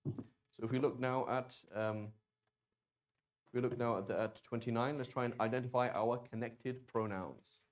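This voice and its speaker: A man teaching a language class in a relaxed, chatty way, often stopping to sound out words slowly and restarting sentences. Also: medium pitch. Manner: casual, conversational, with many fillers and restarts. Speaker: Arabic teacher. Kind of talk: classroom lesson.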